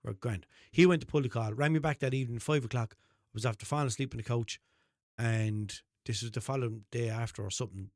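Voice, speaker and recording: A young Irish man hosting a podcast, telling a story in a casual, animated monologue, swearing freely and acting out both sides of a phone call. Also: medium pitch, fast talker, dry recording, clean studio sound. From Ireland. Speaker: podcast host.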